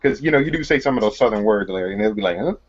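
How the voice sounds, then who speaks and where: A man's voice: on the low side, expressive, very fast, highs cut off. A man chatting casually in a group call, eager to cut in. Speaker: hangout participant.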